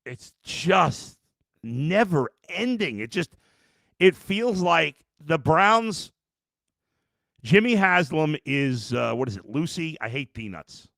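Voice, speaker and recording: Male sports podcast host, exasperated ranter, gravelly voice, dry close mic. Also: on the high side, sing-song, slow pace, fairly bright tone, dry recording. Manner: ranting, exasperated, with many restarts. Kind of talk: post-game sports talk, reading chat.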